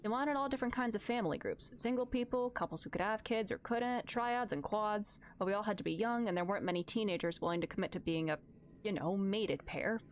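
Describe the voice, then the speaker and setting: A woman reading as a gentle, reminiscing farmer dad. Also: medium pitch, brisk, a little hiss or hum, natural voice. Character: gentle middle-aged farmer dad, tender. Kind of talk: reading game dialogue aloud.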